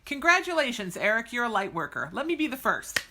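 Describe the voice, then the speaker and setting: A woman's voice: a little high, big pitch swings, fairly quick, bright, forceful tone. A woman hosting a psychic podcast, chatting casually and bluntly with viewers and cheering them on with gushing enthusiasm. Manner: blunt, exuberant, gushing, breaks into cheers and song snippets. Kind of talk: casual live-stream chat with viewers.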